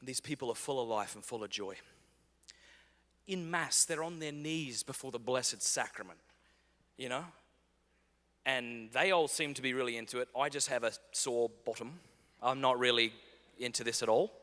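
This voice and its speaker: This keynote speaker, a man in his thirties with a medium-pitched voice, talks at normal speed and pauses often. He's animated and funny, telling stories and acting out dialogue in a humorous keynote speech. The large conference hall gives the recording a long reverb.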